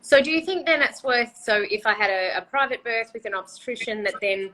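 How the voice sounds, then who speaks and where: A woman's voice: fairly high pitch, animated, fairly quick, sharp tone, rough recording. A woman hosting a casual podcast chat, with an enthusiastic manner. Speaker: podcast host.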